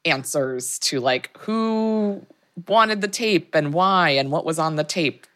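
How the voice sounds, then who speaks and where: A woman with a notably low voice co-hosts a podcast. She reacts with wry asides and frequent laughter in relaxed conversation. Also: takes it slowly. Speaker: podcast co-host. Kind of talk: casual chat.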